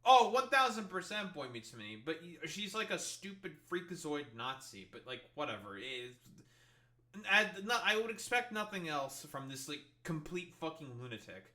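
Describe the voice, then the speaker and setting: A man's voice: fairly high pitch, sing-song, normal speed, bright, forceful tone. A young man streaming live commentary, swearing a lot and sounding sarcastic and incredulous. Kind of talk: livestream reaction commentary.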